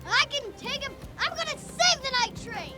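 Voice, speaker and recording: A shouting reckless boy. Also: very high-pitched, moderate pace. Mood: excited. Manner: shouting, excitable. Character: reckless ten-year-old boy, loud and eager.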